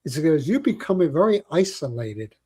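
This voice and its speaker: A man's voice: fairly high pitch, very animated, normal speed, a crowd in the background. An older man hosting a casual livestream chat, telling rambling stories and joking with viewers. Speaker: livestream host.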